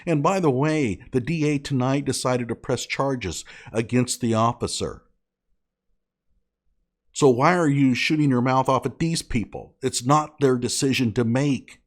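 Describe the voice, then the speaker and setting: A man's voice: medium pitch, unhurried. A man delivering an indignant, sarcastic commentary rant, scolding as he talks. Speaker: online commentator.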